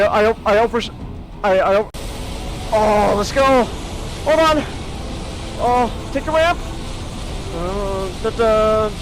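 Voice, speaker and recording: High-voiced guy streaming a game, bouncy pitch, loud excited yelps and stammery restarts, talks slow between bursts. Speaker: podcast host playing a video game. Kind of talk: casual live-stream chat.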